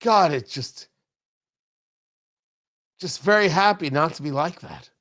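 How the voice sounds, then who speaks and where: High-voiced sarcastic male radio host. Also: expressive, slow pace, fairly bright tone. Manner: sarcastic, riffing asides. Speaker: radio talk show host. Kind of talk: opinionated political commentary. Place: radio studio.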